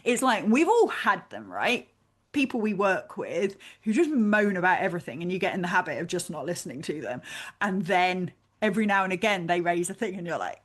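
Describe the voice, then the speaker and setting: Lively woman coaching. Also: mid-range voice. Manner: animated, acts out inner dialogues in quick asides. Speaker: PhD life coach. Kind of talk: coaching conversation.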